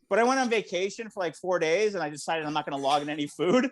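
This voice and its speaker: A man's voice: high-pitched, very fast, few pauses. A man performing a stand-up comedy set over a video call, acting out the voices of other people. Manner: animated, acts out voices of others.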